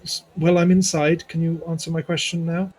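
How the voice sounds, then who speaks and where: A man's voice: on the high side, flat delivery, normal speed, a little mellow, breathy edge, pitched above the performer's own voice, poor audio. A man voicing a polite, fussy male adventurer who speaks primly and with some hesitation.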